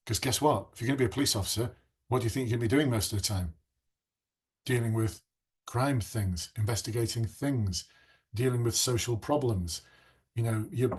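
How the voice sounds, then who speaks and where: A man's voice: mid-range voice, slightly rough. A middle-aged man coaching would-be police officers in a live online masterclass, chatting and reacting to viewers' comments.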